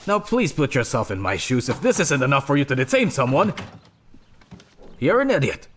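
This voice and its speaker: An actor dubbing a smug police investigator who questions a suspect with condescending sarcasm. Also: male voice, mid-range voice, very animated, normal speed. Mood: mocking.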